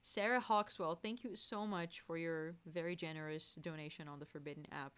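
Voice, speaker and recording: A woman's voice: low voice, steady tone, moderate pace, a bit bright, clear, resonant tone. Chatty woman streamer laughing between songs. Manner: laughs often, loose and chatty. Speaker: musician hosting a live stream. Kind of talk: casual chat between songs.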